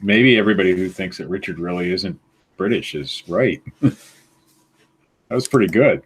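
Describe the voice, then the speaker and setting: A man's voice: low voice, unhurried, husky. A man from the United States co-hosting a podcast, joking and laughing often in casual chat. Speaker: podcast co-host.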